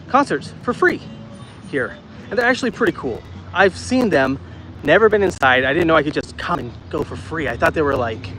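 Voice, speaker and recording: This livestream host, a man in his thirties, strolls a city park holding his phone, chatting and reading viewers' comments out loud. His voice is on the high side and a bit bright, and the audio is poor.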